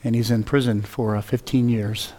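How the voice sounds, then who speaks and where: A man preaching a sermon as a pastor, telling stories with lively acted-out dialogue. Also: mid-range voice, moderate pace. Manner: animated, acts out dialogue in his stories. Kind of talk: storytelling sermon. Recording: long reverb of a large hall.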